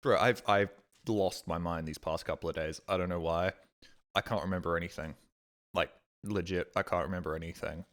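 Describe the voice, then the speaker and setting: A man streaming a game, telling rambling everyday stories and acting out his own exasperated reactions in a sudden higher voice. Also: fairly even intonation, a little fast, a bit bright. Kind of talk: casual stream chat, storytelling.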